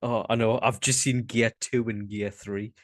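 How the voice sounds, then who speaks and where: Low-voiced Northern English man, very dry sound. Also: fairly even intonation, moderate pace, no room sound. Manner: laid-back, hesitant, trailing off. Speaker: podcast co-host. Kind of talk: casual chat.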